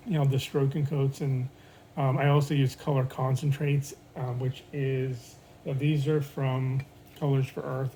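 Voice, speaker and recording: A man's voice: mid-range voice, warm tone, a little hiss or hum, rough recording. A man, a potter, casually showing his glaze test results and thinking aloud with fillers and restarts. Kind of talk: casual show-and-tell of glaze tests.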